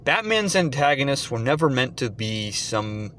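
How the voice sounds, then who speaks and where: A man's voice: medium pitch, sing-song, moderate pace, hardly any pauses, pushed and bright, a little hiss or hum. A man delivering an indignant, sarcastic commentary rant. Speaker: commentary vlogger. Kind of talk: ranting commentary.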